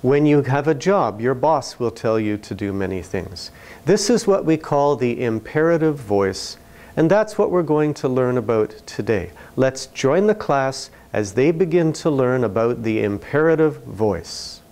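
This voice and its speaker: Slow, deliberate male teaching narrator. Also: mid-range voice, animated, a little mellow. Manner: slow, clear, deliberate explanations. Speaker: ESL video narrator.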